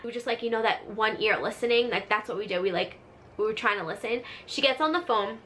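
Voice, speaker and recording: Bright-voiced chatty woman vlogger. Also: a little high, fast. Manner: animated, chatty, full of "like" fillers. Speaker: vlogger, channel host. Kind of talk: casual storytime monologue.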